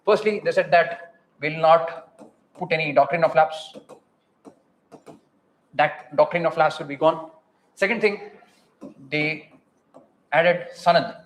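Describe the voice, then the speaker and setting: A man with an Indian English accent giving an exam revision lecture, asking the class quick questions and repeating key terms. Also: on the high side. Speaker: teacher.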